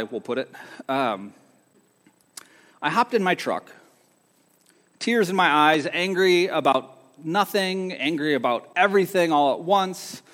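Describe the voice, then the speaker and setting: A man giving an earnest sermon testimony, telling a personal story that swings between soft and emphatic moments. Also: a little high. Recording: long hall reverb.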